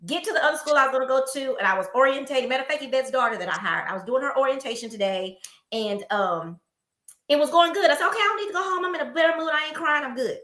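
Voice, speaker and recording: Animated woman telling stories in an echoey room. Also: sits high, quick pace. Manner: animated storytelling, acting out quoted people. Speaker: podcast co-host. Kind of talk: casual chat.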